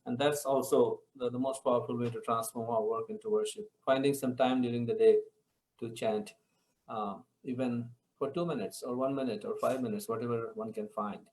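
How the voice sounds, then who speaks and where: A man's voice: mid-range voice, steady tone, normal speed, a little mellow, poor audio. Man explaining with homely analogies. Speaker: study group participant. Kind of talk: scripture study discussion. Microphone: video call.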